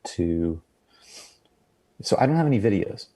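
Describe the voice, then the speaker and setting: A man's voice: lowish voice, very animated, a little slow, warm tone. A man, a guest musician, chatting casually in a rambling, hesitant way. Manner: hesitant, rambling, lots of fillers and restarts. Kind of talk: casual podcast chat.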